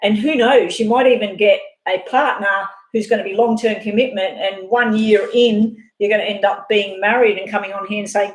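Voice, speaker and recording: A woman doing a live tarot reading, talking fast and rambling off on side chats. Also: mid-range voice, steady tone. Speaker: tarot reader. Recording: echoey room.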